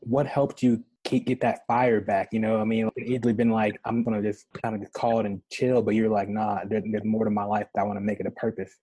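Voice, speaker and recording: A man hosts the interview, asking halting questions padded with fillers. His voice is low, dark and mellow, with a flat, even delivery, and it sounds dry and close. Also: breathy edge, dry recording, low-quality recording. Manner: hesitant, filler-heavy questions. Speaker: podcast host.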